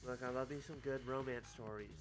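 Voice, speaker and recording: A man's voice: medium pitch, fairly even intonation, fairly quick, over music. A man doing casual let's-play commentary, wry and sarcastic, swearing freely. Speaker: game streamer.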